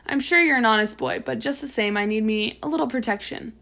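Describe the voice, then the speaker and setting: A woman voicing a threatening male pirate villain in an audiobook reading, with a gravelly edge. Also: on the high side, fairly quick, fairly bright tone. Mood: menacing. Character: menacing grown male pirate villain, cold and bargaining.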